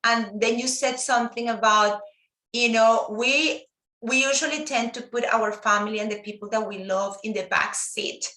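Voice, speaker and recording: A woman whose first language is Spanish, a guest teacher talking earnestly and warmly in a casual live-stream chat, often restarting her sentences. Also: a little high, moderate pace, echoey room, rough recording. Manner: earnest, heartfelt, many restarts.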